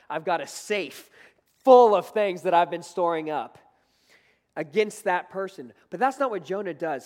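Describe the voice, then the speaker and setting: Man preaching in a reverberant hall. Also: a little high. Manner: earnest, conversational preaching with rising emphasis. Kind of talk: sermon.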